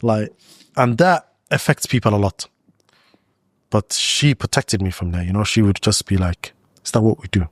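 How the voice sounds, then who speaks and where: A man with a fairly low voice tells a personal story in a relaxed interview chat. He talks loosely, leaning on "like" and "you know" as he goes. The sound is close and dry, with no room echo. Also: moderate pace. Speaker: guest. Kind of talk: casual storytelling in a podcast interview.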